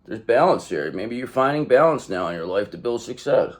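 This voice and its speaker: A man's voice: mid-range voice, expressive, brisk. A man hosting a casual tarot reading, rambling and repeating himself as he talks effusively to his viewers. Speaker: tarot reader and channel host.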